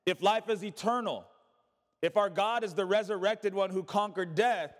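A man's voice: sits high, normal speed, long reverb tail. A male pastor preaching a sermon, asking rhetorical questions and calling on the congregation to repeat words back.

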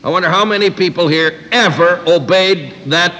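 A man's voice: high-pitched, normal speed, bright, forceful tone. Emphatic male Bible teacher, reverberant hall. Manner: emphatic, paraphrasing scripture with plain-spoken asides. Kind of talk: expository Bible sermon.

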